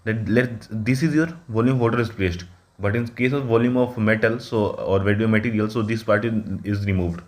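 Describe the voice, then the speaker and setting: A man working through an engineering problem at a whiteboard, halting often with fillers and self-corrections. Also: fairly low pitch. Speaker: engineering exam tutor.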